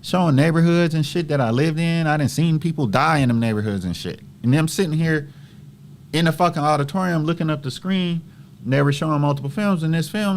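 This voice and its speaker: A man's voice: on the high side, fairly quick, a little hiss or hum. A man in his forties from Southern California telling a long personal story in a casual, profane street style, acting out the dialogue. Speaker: host.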